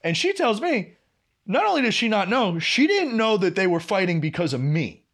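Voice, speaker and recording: A young man, a podcast co-host, telling a workplace story in casual chat, swearing and acting out what people said. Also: moderate pace. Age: young adult. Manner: animated, swearing, acting out quoted lines with big pitch jumps.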